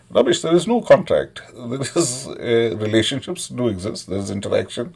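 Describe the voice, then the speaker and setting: A man speaking, his voice gravelly and a little husky. He rambles in a sardonic, mocking tone and stops often on fillers as he thinks aloud. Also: mid-range voice, a little mellow. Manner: sardonic, mocking, mimics others in Hindi; halting, many fillers. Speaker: commentator. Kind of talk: casual monologue.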